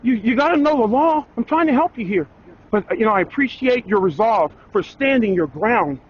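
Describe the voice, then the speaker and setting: High-voiced man in a defiant standoff. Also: animated, brisk, husky. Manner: defiant, insistent, repeating phrases. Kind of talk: heated confrontation caught on camera. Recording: dull, lo-fi clip with faint background noise.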